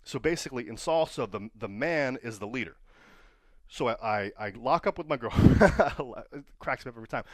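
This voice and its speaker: A man's voice: medium pitch, expressive, moderate pace, dry recording, clean studio sound. A man who trains pro wrestlers tells stories and gives casual advice, often checking in with the listener by asking "right?". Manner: storytelling, keeps asking "right?".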